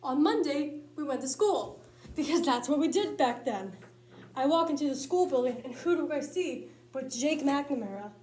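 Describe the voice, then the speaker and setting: A woman with a high voice delivers a comedic monologue in punchy, lively storytelling. The sound carries a roomy echo from the space she's in. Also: normal speed. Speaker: speech tournament competitor.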